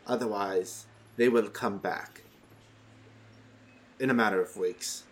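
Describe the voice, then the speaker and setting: A man's voice: lowish voice, takes it slowly. A man narrating a tabletop game as game master, in a casual, easygoing way. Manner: casual, playing townsfolk in his own voice.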